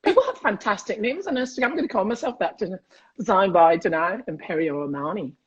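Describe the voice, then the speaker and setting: A man's voice: sits high, expressive, quick pace, breathy edge, highs cut off. A Scottish comedian in his fifties, chatting cheekily and rambling on a video call, often laughing at his own jokes. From Scotland. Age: 50s. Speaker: comedian guest. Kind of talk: casual livestream chat.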